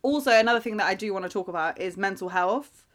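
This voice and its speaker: A woman's voice: medium pitch, quick pace. A young woman co-hosting a casual podcast chat, laughing often and calling her friend "mate". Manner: chatty, laughs often, says "mate" a lot. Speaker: podcast co-host.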